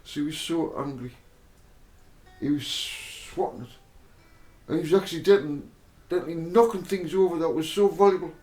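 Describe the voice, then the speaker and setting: A man telling a rambling story in a repetitive, drawn-out way, swearing freely. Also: fairly high pitch, darkish tone. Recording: roomy echo, faint music.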